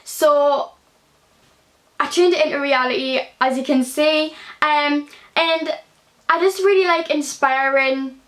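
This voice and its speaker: A woman's voice: high voice, steady tone, takes it slowly, pauses often, a bit bright. A young woman chatting in a casual question-and-answer vlog, earnest and chatty with lots of fillers. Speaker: YouTuber.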